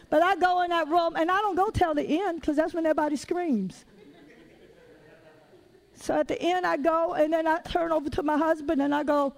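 A woman with a Southern US accent preaching a sermon in a lively, conversational way with folksy asides. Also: very high voice.

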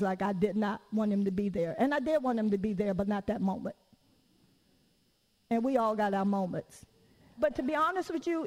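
A woman preacher giving a lively, conversational sermon in church. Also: a little high, big-room sound, poor audio. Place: church during a service.

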